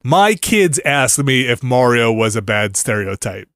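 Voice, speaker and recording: A man co-hosting a podcast in casual chat, talking in animated, wandering runs and laughing often. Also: medium pitch, unhurried, dry recording, clean studio sound. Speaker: podcast co-host.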